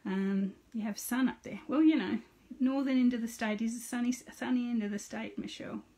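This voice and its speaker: A woman's voice: on the high side, steady tone, brisk, dark tone. A middle-aged woman hosting a casual live card-making demonstration. She chats with viewers by name and narrates each step aloud.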